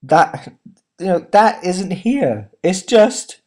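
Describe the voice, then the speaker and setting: A man giving a casual spoken film review, rambling with lots of fillers, his voice jumping up high when he is incredulous. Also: big pitch swings, slow, a little mellow.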